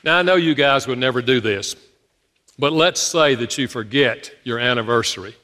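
Bright-voiced preacher in a reverberant hall. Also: male voice, medium pitch, normal speed. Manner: animated storytelling preacher, addresses congregation. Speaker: pastor. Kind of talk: sermon. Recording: long reverb of a large hall.

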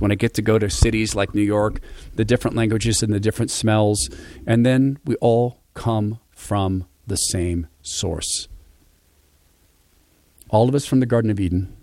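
A man's voice: on the low side, a little mellow, no room sound. Man from spokane telling stories, earnest, fond, dry close sound. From Spokane, USA. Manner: storytelling, acting out quoted voices. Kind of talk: reflective personal monologue.

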